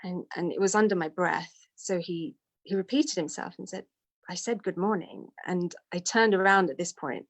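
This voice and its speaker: A woman's voice: fairly low pitch, normal speed. A woman telling a personal story in a candid, self-deprecating way. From United Kingdom. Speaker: devotee sharing testimony.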